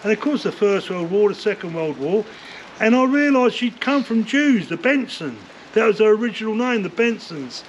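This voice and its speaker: An older man, telling rough stories from his past in a rambling interview, swearing often and filling gaps with "like, you know.". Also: sits high, lively intonation, normal speed. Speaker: interview guest, former bare-knuckle fighter. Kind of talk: casual storytelling interview. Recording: dull lo-fi sound with faint noise.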